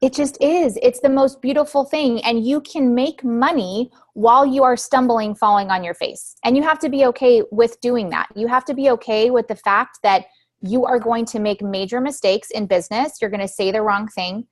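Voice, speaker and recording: A woman's voice: fairly high pitch, moderate pace. A woman in her thirties leading a motivational talk for her team on a group call, emphatic, repeating key phrases and asking her listeners questions. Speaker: team leader giving a training recap.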